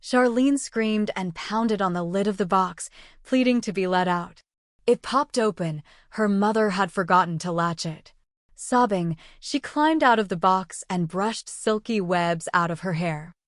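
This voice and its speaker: A woman reading passages from a submitted manuscript aloud in a steady, even way. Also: mid-range voice, a little slow, no room sound, clean studio sound. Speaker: manuscript reader.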